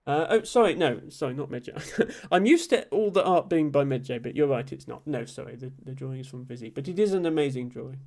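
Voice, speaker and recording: Mellow man chatting on stream. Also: mid-range voice, animated, fairly quick, gravelly, hardly any pauses. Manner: reads out chat, thanks viewers, many ums and soft laughs. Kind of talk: casual live-stream chat.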